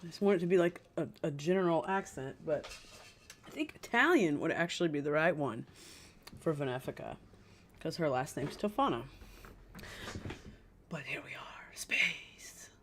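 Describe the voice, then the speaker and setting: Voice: medium pitch, expressive, a little fast, slight background noise. A game streamer in casual live-stream chat, talking to the viewers and humming while searching. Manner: chatty, talks to chat, hums while searching.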